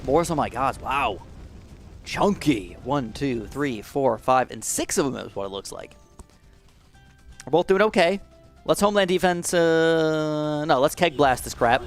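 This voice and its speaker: A man hosting live gameplay commentary, excitable and talking straight to his viewers, swinging from low muttering to shrieks of alarm. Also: a little slow, soft background music. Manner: addresses viewers directly. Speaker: gaming channel host.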